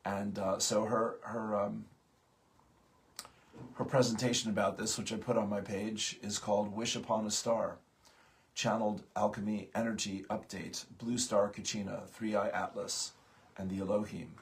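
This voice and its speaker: A man hosting a morning spiritual talk, speaking haltingly with many pauses and fillers, just out of bed. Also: fairly low pitch, flat delivery. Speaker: host of a morning spiritual program.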